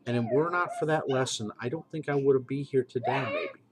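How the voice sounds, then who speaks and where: A man's voice: medium pitch, fairly quick, a crowd in the background, rough recording. A middle-aged man and game master, talking earnestly in a preachy monologue and repeating phrases for emphasis.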